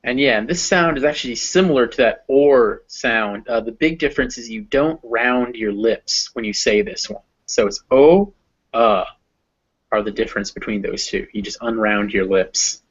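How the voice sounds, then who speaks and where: A man's voice: medium pitch, fairly bright tone, highs cut off. Patient Southern American man teaching vowels. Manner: patient, modeling vowel sounds slowly. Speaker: English pronunciation teacher. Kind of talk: explaining phonetics to a learner.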